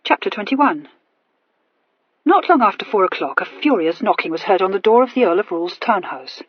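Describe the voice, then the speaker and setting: A woman narrates an audiobook in an even, measured way. Her voice is husky and a little breathy. The recording is dull and lo-fi. It sounds dry and close. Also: medium pitch, no room sound. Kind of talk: scripted narration.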